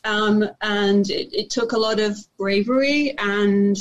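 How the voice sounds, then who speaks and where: Woman actor as interview guest, young adult, reflective, halting speech, mid-range voice. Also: mid-range voice, steady tone, a little hiss or hum, rough recording. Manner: reflective, halting with many restarts and fillers. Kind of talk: casual interview chat.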